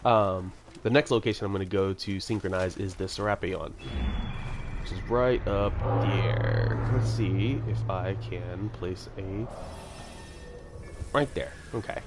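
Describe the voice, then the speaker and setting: A man's voice: low voice, steady tone, a little slow, noisy background. A man giving casual, rambling commentary while playing a video game, with chatty self-mocking asides. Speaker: let's-play commentator. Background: video game music.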